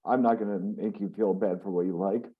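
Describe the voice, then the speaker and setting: A man's voice: on the low side, fairly even intonation, a little fast, narrow, tinny audio. A man hosting a webzine interview in a casual, joking, teasing way. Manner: laid-back, joking, teasing. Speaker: webzine host.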